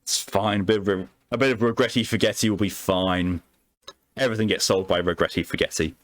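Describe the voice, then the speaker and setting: A man's voice: fairly low pitch, steady tone, brisk, no room sound. A man streaming live, reading stories aloud and chatting casually between them, with offhand swearing.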